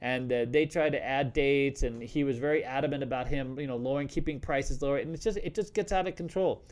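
A man's voice: mid-range voice, a little fast, darkish tone. A man hosting a casual live stream, talking loosely and joking with lots of restarts. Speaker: host.

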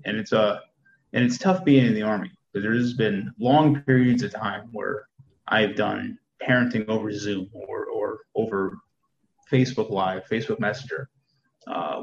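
Thirties male soldier guest, candid and reflective, low voice, muffled roomy recording. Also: steady tone, normal speed, creaky, a little hiss or hum. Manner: candid, repeats words while thinking. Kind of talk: casual conversation. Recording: dull echoey room sound.

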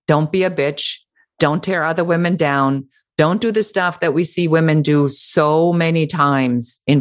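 Low-voiced woman, emphatic interview guest. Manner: animated, emphatic, mocking quoted critics. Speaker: author and entrepreneur, guest. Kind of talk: interview answer.

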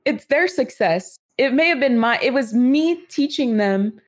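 Woman, interview guest; relaxed, higher-pitched, laughs easily, loose phrasing. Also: a little slow. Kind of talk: casual interview conversation.

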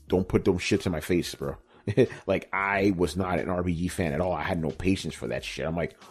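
A man's voice: low voice, darkish tone, breathy edge. A middle-aged man answering viewer questions in a laid-back, profane chat full of "you know" and "bro". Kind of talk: casual Q&A chat.

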